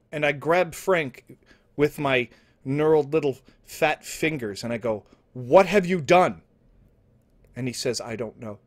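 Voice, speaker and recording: A young man telling an absurd story in deadpan, rambling comedy style, with restarts and asides, sometimes dropping to mumbles and sometimes rising to loud outbursts. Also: mid-range voice. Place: indoor home setup, streaming.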